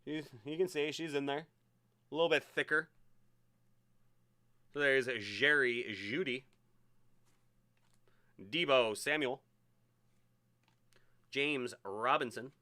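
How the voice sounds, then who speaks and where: Guy running a card break stream, bright smooth voice, kinda high, all hyped up on every pull. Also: slow pace, pauses often. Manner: excited, chatty, hyping each card.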